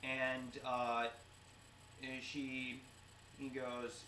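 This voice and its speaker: A man co-hosting a casual recap show, retelling events step by step with many "uh" pauses and a mock-stern streak. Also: mid-range voice, fairly even intonation, pushed and bright. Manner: mock-stern about professionalism. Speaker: co-host of a wrestling recap show. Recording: roomy amateur recording with distant mic and faint noise.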